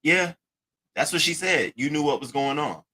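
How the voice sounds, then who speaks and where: A man hosting a casual commentary, reading text messages aloud and reacting to them with a profane, animated delivery. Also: a little high, moderate pace, a little hiss or hum, poor audio. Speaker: commentary host.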